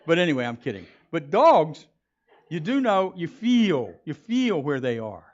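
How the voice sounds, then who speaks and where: Animated high-voiced male preacher. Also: a little slow, dull audio. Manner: animated, joking, conversational preaching. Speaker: pastor. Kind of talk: sermon.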